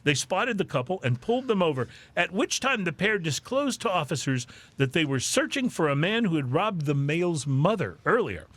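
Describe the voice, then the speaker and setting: A man reads the drinking news on a podcast with a dry, joking delivery. His pitch sits a little high and swings widely, so the stories come out lively and animated. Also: normal speed. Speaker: podcast host.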